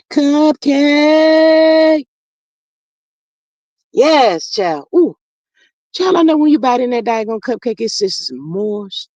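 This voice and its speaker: Livestream host, woman, high voice, dry close sound, gossipy drawl, loud calls and low murmurs. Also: no echo, muffled recording. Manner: drawling Southern slang, says child a lot, reads comments aloud. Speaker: livestream host reading chat. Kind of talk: casual gossip livestream chat.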